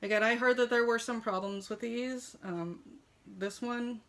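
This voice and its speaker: A woman's voice: on the high side, fairly even intonation, unhurried, fairly bright tone. Gushing woman reviewing a collectible. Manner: chatty, gushing, many fillers. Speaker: toy shop owner reviewing a model horse. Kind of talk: casual unboxing review. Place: home kitchen.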